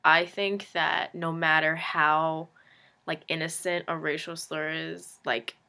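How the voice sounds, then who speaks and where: Low-pitched and gravelly, her voice comes out flat and slow but still bright and forceful. The late-teen vlogger rambles to camera in an offhand confessional, running herself down, filling gaps with "like," and throwing in sarcastic, unfiltered asides.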